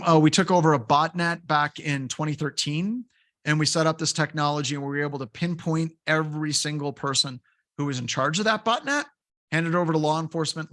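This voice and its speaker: In this lecture with anecdotes, the middle-aged instructor of a security course drifts into a loose, filler-heavy story between his points. He speaks casually and ramblingly in a slightly high, a bit bright voice.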